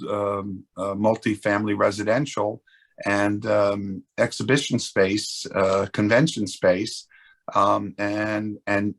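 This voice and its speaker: Male real estate exec, webinar guest; raspy, gravelly delivery, earnest and full of restarts. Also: on the low side, a bit bright. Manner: earnest, explanatory, many restarts. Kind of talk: webinar panel discussion.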